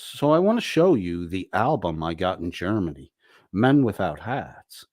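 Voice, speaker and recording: A man's voice: low-pitched, sing-song, a little slow, pauses often, darkish tone, no room sound, studio quality. A man hosting a livestream, reading viewer comments aloud with crude jokes and frequent laughter. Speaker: livestream host reading chat. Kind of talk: casual livestream chat reading.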